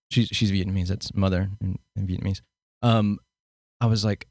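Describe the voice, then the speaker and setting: Low-voiced guy hosting a podcast, chatty and rambly, dry close sound. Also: quick pace, no room sound. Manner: rambling, animated storyteller. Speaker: podcast host. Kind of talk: casual conversational interview.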